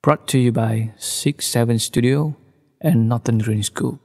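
A man narrating a children's bedtime story in a gentle read-aloud manner, recorded in a studio. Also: medium pitch, measured pace. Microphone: studio microphone.

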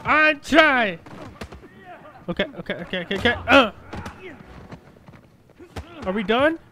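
High, excitable man yelling at a game. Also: unhurried. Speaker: gaming commentator. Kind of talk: let's play commentary.

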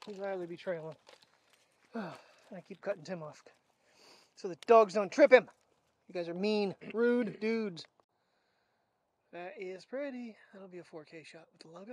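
A man's voice: sits high, expressive, measured pace, long pauses, slight background noise. A man chatting casually through a daily vlog outdoors, laughing often and talking to his dogs on a clip-on mic. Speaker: vlogger. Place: outdoors with dogs in cold air. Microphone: wireless clip-on mic.

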